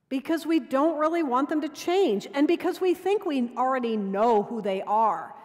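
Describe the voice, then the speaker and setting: A woman dean preaching a sermon in measured storytelling, sometimes dropping to quiet intimacy. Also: fairly high pitch. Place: cathedral. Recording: long cathedral reverb.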